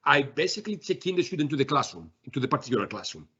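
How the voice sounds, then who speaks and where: Man, webinar software demo, halting with fillers, husky voice, dull lo-fi sound. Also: mid-range voice, sing-song. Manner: halting, many fillers and restarts. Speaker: software presenter.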